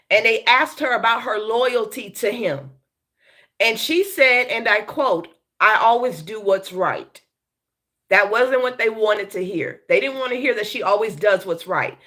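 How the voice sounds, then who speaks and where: Blunt, bright-voiced woman livestream host. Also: on the high side, unhurried. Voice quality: slight lisp from braces. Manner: blunt, swearing, greets chat viewers by name. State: sick. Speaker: live show host. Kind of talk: casual live-stream chat.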